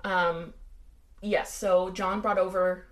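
A woman's voice: lowish voice, little pitch movement, takes it slowly. An American woman co-hosting a casual true-crime podcast, chatty and wry, with lots of fillers. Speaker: podcast co-host.

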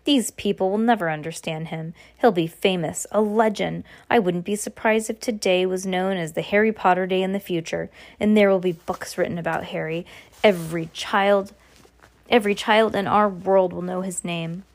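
A stern, anxious older witch professor, fretting and protesting, as a woman reads her aloud. The voice sits somewhat low for a woman. It is a plain storybook reading with little acting. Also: fairly even intonation, moderate pace, close to an everyday voice. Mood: indignant. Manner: fretful, protesting.

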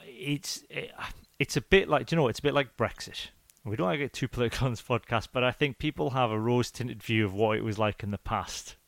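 A man hosting a podcast chat, energetic and rambling with a teasing, jokey streak. His voice sits in a middle register and comes across close and dry, with no room sound around it. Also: mid-range voice, fast talker, creaky, few pauses, dry recording. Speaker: podcast host. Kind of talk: casual chat.

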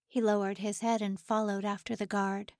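A woman reading a story aloud as narrator, in a measured, unhurried way. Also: medium pitch, level tone, darkish tone, dry recording, clean studio sound. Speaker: audiobook narrator. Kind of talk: scripted narration.

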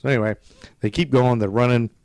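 A podcast host of Scottish descent who grew up in America talks fast in a medium-pitched, slightly mellow voice with vocal fry and fairly even intonation, on a dry recording. He retells a story in rambling, casual chat, acting out quotes in shifting voices and swearing freely.

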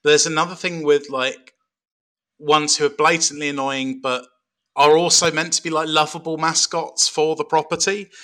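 A man's voice: on the high side, steady tone, normal speed, fairly bright tone. A man co-hosting a casual chat about games, wry and jokey, often breaking into laughs.

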